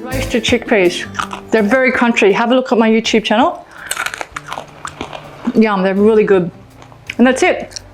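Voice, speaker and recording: A woman's voice: a little high, unhurried, pauses often. An Australian woman hosting a casual cooking demonstration in a home kitchen, chatty and enthusiastic, often exclaiming. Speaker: cooking show host. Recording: music playing underneath.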